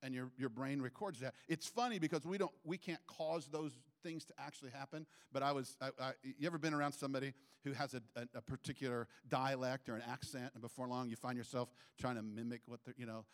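A man preaching a sermon in church, animated and acting out little quoted voices as he goes. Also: fast, few pauses. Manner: animated, acts out quotes with sudden pitch jumps. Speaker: pastor.

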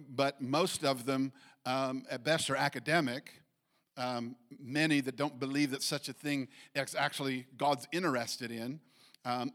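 A man preaching a sermon, his voice pitched a little high for a man. He talks in an animated way, leaping up in pitch on emphatic points and stumbling through restarts and fillers. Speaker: pastor.

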